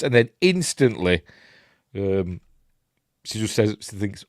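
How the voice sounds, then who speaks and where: A man's voice: lowish voice, lively intonation, unhurried, fairly bright tone, no echo, clean studio sound. A man with a Yorkshire accent casually recapping a film as he watches it, rambling with lots of ums and self-corrections. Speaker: film reviewer.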